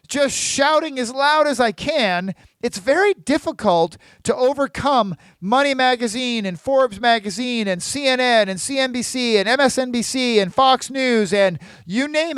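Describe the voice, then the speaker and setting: A man's voice: very high voice, fairly bright tone, smooth, no echo. A man hosting his own podcast as a financial planner, chatting casually and often tagging "right?" onto his points. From United States. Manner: chatty, keeps asking "right?". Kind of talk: casual solo podcast talk.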